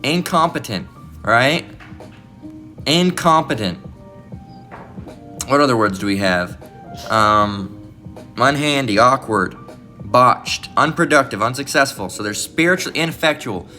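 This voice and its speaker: A man's voice: medium pitch, animated, a little slow, pauses often, sharp tone, faint music behind. A man giving informal, blunt preaching commentary, often restarting and asking "all right?".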